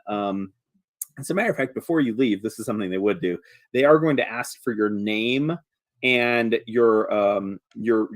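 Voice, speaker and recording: Game master narrating, dry close sound. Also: male voice, lowish voice, no echo. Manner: rambling, many fillers.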